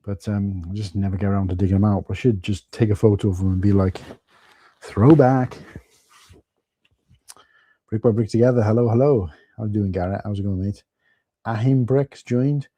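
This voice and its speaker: Man, Welsh accent, low voice, very warm dark tone, casual livestream chatter. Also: steady tone, fast talker, husky, no echo. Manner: chatty, greets viewers by name, rambling asides. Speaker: livestream host. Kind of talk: casual live-stream chat. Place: at home.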